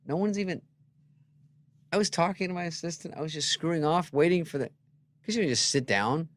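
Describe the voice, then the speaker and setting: A man's voice: a little high, fairly quick. A man who is a guest comedian, telling rambling, self-interrupting anecdotes in casual chat.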